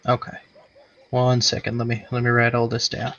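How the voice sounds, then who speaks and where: Brief: man voicing a calm, methodical western lawman, mid-pitched, muffled lo-fi voice chat. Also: moderate pace, a little hiss or hum, lightly acted. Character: patient frontier lawman taking a statement. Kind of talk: western game role-play.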